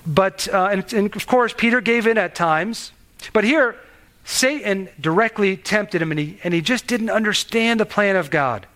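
High-voiced man preaching a sermon. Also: normal speed, fairly bright tone. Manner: earnest, conversational preaching with repeated restarts and rhetorical questions. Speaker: pastor.

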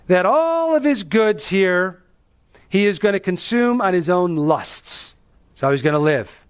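A man with a noticeably high voice delivers an expository sermon as a pastor. He talks to the listeners conversationally, leaning on emphasis and rhetorical questions to drive his points home.

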